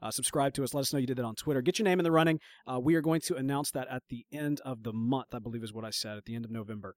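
A man from Mississippi with a deep Southern accent, co-hosting a podcast in relaxed, rambling chat and laughing often. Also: rapid-fire, dry recording. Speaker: podcast co-host. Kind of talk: casual chat.

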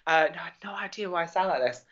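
Young man, from England, mixed hard-to-place accent, rambling, jokey, bright tone, dull lo-fi sound. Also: sits high, racing. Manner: rambling, jokey, lots of fillers. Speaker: guest. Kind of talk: casual podcast chat.

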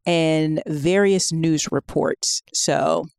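A woman co-hosting a podcast, talking casually with lots of fillers and animated asides. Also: deep voice, very slow, gravelly, no room sound, studio quality. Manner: chatty and animated, with many fillers. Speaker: podcast co-host.

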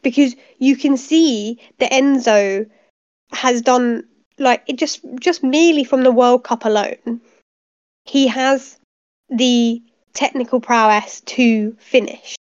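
An exasperated woman rambles through a casual chat and swears freely. Her voice sits a little high. It comes through a dull, lo-fi mic. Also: slow. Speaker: podcast co-host.

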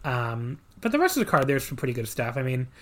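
A man's voice: medium pitch, huge pitch swings, fast talker, fairly bright tone. A man co-hosting a podcast, casually recapping a wrestling match with dry sarcasm and many fillers.

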